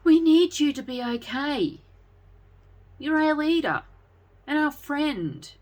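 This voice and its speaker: A woman's voice: sits high, expressive, slow pace, a little mellow, voice pushed up. A woman voicing a loyal young male knight in a story, reassuring and pleading with his friend.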